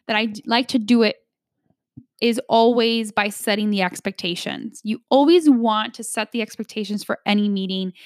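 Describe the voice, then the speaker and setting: A woman's voice: mid-range voice, no room sound, studio quality. A woman coaching an audience on negotiation in an emphatic instructional talk, often tagging her points with "right?".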